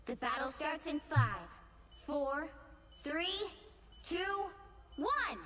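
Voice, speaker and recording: A woman voicing a video game announcer, crisp and instructive. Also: high voice, big pitch swings, extremely slow, bright, forceful tone, soft background music, full character voice. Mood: announcing.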